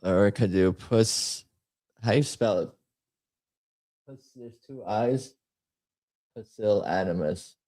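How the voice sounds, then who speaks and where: A man's voice: on the low side, takes it slowly, pauses often, dark tone, dry recording. A man hosting a casual livestream, rambling and muttering to himself as he types up a poll. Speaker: host.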